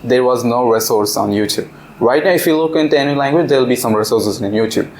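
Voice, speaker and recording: A man's voice: mid-range voice, fast, darkish tone, poor audio. A young man leading a casual classroom discussion, explaining step by step and laughing often. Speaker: visiting language teacher. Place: classroom in a language club.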